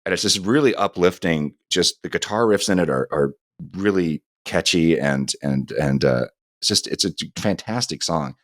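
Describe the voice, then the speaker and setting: A middle-aged man with an extremely deep voice talks casually on a podcast, drifting through a long anecdote. The sound is close and dry, with no room around it. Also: lively intonation, normal speed, no echo. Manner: meandering anecdotal storytelling. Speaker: podcast co-host.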